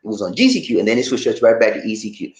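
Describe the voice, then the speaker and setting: Gullah geechee guy chatting with viewers, pitch jumps all over, bit of room echo. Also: rapid-fire. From Charleston, South Carolina. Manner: animated, laughs often, reads viewer comments. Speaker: vlog host. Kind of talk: casual live-stream chat. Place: home in the Philippines.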